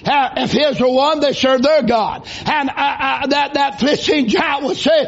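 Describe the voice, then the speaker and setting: A man preaches a revival sermon in a church, folksy and given to shouted bursts. His voice sits very high. The recording is dull and lo-fi. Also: moderate pace, few pauses. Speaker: visiting preacher.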